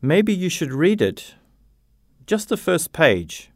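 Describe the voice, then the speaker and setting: A man's voice: a little high, big pitch swings, slow, no echo, studio quality, pitched above the performer's own voice, heavily acted. A man voicing a loyal, coaxing teenage boy friend in a read-aloud storybook. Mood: soothing. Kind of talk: graded-reader story narration.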